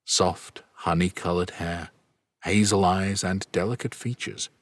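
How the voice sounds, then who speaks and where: Deep-voiced man narrating a fantasy audiobook. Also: steady tone, unhurried, no room sound. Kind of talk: scripted narration.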